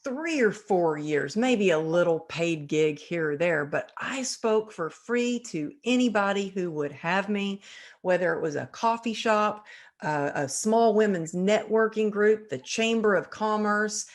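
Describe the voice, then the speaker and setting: A woman hosting an interview show, telling her own stories in casual, animated chat. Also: medium pitch, unhurried. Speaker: podcast host.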